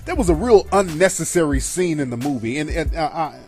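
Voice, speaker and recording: A man's voice: on the high side, lively intonation, a little fast, a little mellow. A man, middle-aged, hosting a radio show and giving a blunt, profane, scornful review of a film in an emphatic monologue. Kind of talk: opinionated monologue. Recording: faint music behind.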